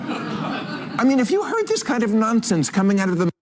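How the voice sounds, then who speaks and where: A man's voice: high-pitched, huge pitch swings, fast talker, darkish tone. A man performing a scripted satirical monologue as a talk host, mocking and sarcastic, landing punchlines. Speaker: political comedy talk host.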